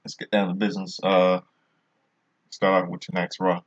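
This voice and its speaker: Male vlogger, very low voice, casual rambling review delivery with lots of restarts, dull lo-fi sound. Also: completely flat delivery, moderate pace, slight background noise. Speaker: wrestling show reviewer.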